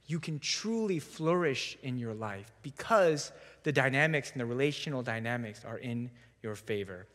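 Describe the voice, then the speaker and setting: A young adult man giving a sermon in a church, telling a story in a relaxed, conversational way with self-deprecating humor. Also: medium pitch, big-room sound. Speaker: preacher. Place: church sanctuary.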